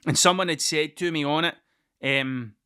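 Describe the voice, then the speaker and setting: A man's voice: fairly high pitch, moderate pace, sharp tone, clean tone. A Scottish man hosting his own podcast, rambling and swearing freely as he drifts from one point to the next. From Scotland. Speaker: podcast host. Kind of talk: casual solo podcast monologue.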